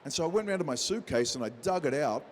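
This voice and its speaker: Lively man telling an audition story. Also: a little high, fast talker, slight background noise. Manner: lively storyteller who acts out quotes. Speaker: interview guest, actor. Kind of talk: animated anecdote telling.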